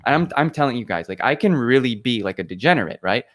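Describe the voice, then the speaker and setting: A man's voice: medium pitch, animated, fast. Rambling young man telling a story. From Canada. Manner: rambling storyteller, many fillers and restarts. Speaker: podcast guest. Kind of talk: casual chat.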